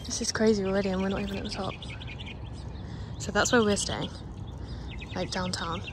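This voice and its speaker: A woman's voice: mid-range voice, steady tone, a little fast. A young woman, chatting casually to a handheld camera as a travel vlogger and peppering her talk with "like". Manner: chatty, filler-heavy, says "like" often. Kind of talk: casual vlog chat to camera. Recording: noisy handheld vlog audio.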